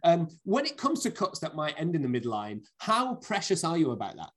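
A man's voice: a little high, wildly swooping pitch, brisk. A man hosting a podcast, asking questions in an enthusiastic, articulate way. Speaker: podcast host. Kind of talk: casual podcast conversation.

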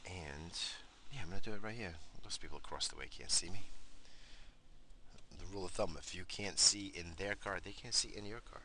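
A man's voice: low-pitched, a little fast, bright, forceful tone, a little hiss or hum. A middle-aged man from New York, rambling casually and profanely in his car, laughing as he tells stories. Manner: profane, laid-back, laughing storyteller. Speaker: vlogger. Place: parked car.

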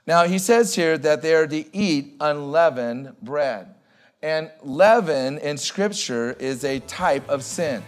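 A male pastor preaching a sermon in an emphatic way, repeating key words and slowing down to stress them. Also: on the high side, animated.

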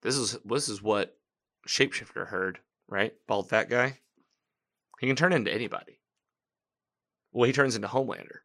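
A man hosting a podcast, giving casual, animated commentary as he recaps a TV episode, quoting lines and laughing. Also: mid-range voice, moderate pace, long pauses. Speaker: podcast host. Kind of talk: casual live-watch commentary.

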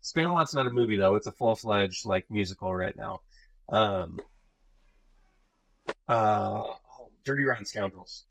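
Rambling, animated podcast dad. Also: male voice, fairly low pitch, a little slow, vocal fry, pauses often. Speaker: podcast co-host. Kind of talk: casual chat.

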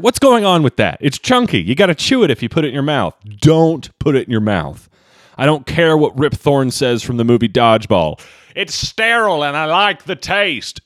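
Animated self-mocking podcast man, slight twang. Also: no echo, clean studio sound. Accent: slight Southern twang. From Kentucky. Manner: animated, jumps pitch for comic emphasis, self-mocking. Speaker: podcast host and stand-up comedian. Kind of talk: rambling solo podcast monologue.

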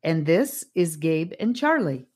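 A woman's voice: low voice, big pitch swings, a little slow, darkish tone, breathy edge, heavily acted. A woman voicing a cheerful, wise male guide who speaks with a grand, theatrical flair.

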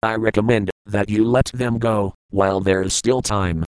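A man reading the lines of a calm, blunt old male spiritual mentor in an audiobook, firm and patient in a lecturing way. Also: lowish voice, normal speed, clean tone, no room sound, natural voice, low-quality recording. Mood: firm teaching.

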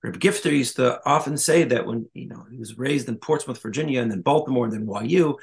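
Man rabbi doing a torah class, gravelly voice, storytelling w/ hebrew words thrown in. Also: mid-range voice, fairly quick. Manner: conversational, quotes and asides, Yiddish-Hebrew terms.

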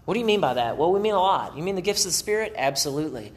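A middle-aged pastor delivers a sermon at a very fast clip, his voice sitting high. He keeps it conversational and animated, slipping in acted-out asides.

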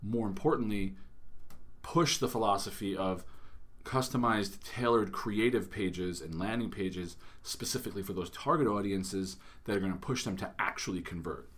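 A man's voice: on the low side, normal speed. A man in his thirties hosting a casual marketing podcast, talking in a chatty way with lots of fillers and restarts. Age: 30s. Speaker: podcast host.

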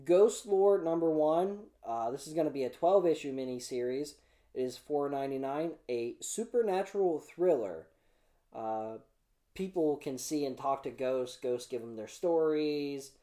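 Casual young male vlog host, mellow warm tone, loose rambling delivery. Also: fairly high pitch, a little slow. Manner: chatty, rambling, many fillers and restarts. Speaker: comic preview host.

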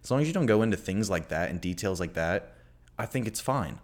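A young man with a very low voice, co-hosting a casual podcast. He talks quickly in a laid-back way, stringing his thoughts together with "you know" and "like". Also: animated. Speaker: podcast co-host.

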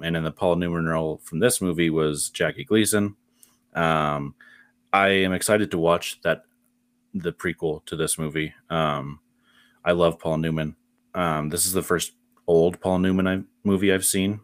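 A man's voice: deep voice, a little slow, dry recording, clean studio sound. A man co-hosting a podcast in casual chat, rambling with lots of fillers, his voice worn and tired. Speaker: podcast co-host.

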